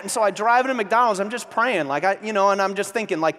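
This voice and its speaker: A man speaking at a youth conference, telling stories in an animated sermon, acting out quotes and laughing with the crowd. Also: high-pitched, fast, hardly any pauses. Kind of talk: energetic storytelling sermon. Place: large conference hall. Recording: long hall reverb, faint noise.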